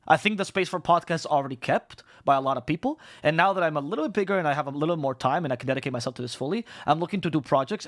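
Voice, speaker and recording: A man rattles through casual stream chat at a rapid clip, tripping over and restarting his words and swearing freely. His voice sits a bit high for a man and sounds dry and close, with no room around it. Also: no echo. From Spain. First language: Spanish. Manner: fast, rambling, profane, restarts words. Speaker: esports caster and streamer.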